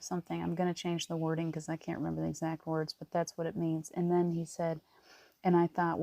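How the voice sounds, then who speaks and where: Gravelly low woman, gentle encouragement. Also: completely flat delivery, brisk, dry recording. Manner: rambling, with many restarts. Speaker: spiritual reader. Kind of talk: casual livestream talk.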